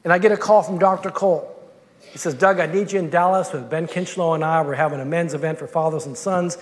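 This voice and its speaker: A man's voice: a little high, quick pace, long reverb tail. A man preaching a sermon, telling a personal story with many repeated words and restarts.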